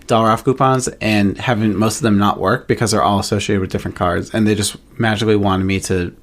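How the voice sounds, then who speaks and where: A man's voice: on the low side, steady tone, fast. A man co-hosting a podcast, ranting emphatically about rules and customers in casual chat. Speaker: podcast co-host.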